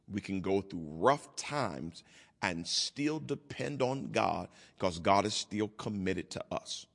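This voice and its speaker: A man preaching a sermon in a low, emphatic voice. His words ring out with a long hall reverb. He acts out the voices of the people he quotes. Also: fairly bright tone. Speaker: pastor.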